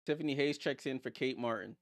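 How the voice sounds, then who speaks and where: A man's voice: medium pitch, fast, dry recording, studio quality. A man streaming a casual live watchalong, calling plays and answering viewer comments with blunt, teasing remarks. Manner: reads viewer comments aloud and answers them.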